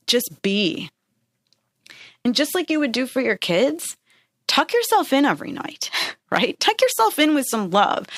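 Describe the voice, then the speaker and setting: A woman's voice: a little high, a bit bright, dry recording, clean studio sound. A woman hosting a podcast, giving earnest, encouraging self-help advice in a casual way and often checking in with "right?" and "okay?". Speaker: podcast host. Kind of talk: motivational self-help talk.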